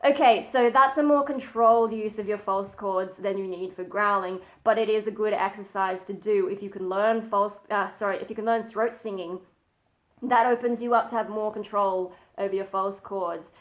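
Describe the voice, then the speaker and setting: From home, a woman walks through metal vocal techniques in a steady, mid-range voice at a moderate pace. Her manner is modest and talkative, and she frequently stops to demonstrate sighs and growls.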